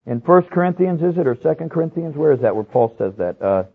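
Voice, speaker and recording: Male pastor, husky, earnest sermon delivery with loud pleading peaks; tinny radio sound. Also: fairly high pitch, lively intonation, fast talker. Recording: tinny phone-like radio broadcast.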